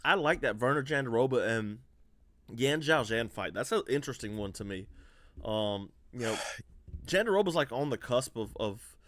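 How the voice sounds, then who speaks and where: A man hosting a relaxed livestream, his pitch swinging up and down as he jokes and laughs. His voice sounds close and dry, with no room echo around it, like a home computer mic on a video call. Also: normal speed. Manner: laughs often, animated, slangy. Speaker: podcast host. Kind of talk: casual livestream chat.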